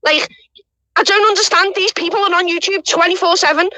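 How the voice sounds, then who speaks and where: Woman, high bright voice, cursing and scornful, dry close mic. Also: fairly quick, no echo, poor audio. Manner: foul-mouthed, insulting, scornful. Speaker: livestream panelist. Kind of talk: heated livestream rant.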